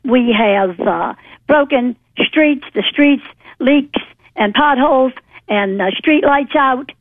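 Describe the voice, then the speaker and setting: A woman's voice: high voice, takes it slowly, dry recording. A woman from New Orleans calling in to a talk radio show, indignant and rambling with fillers. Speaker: caller. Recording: phone line.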